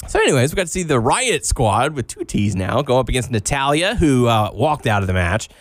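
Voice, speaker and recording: A man's voice: medium pitch, big pitch swings, fairly quick, no echo, clean studio sound. A man from Texas co-hosting a casual podcast, joking and rambling about wrestling and games. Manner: joking, does exaggerated Southern voices. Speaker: podcast co-host.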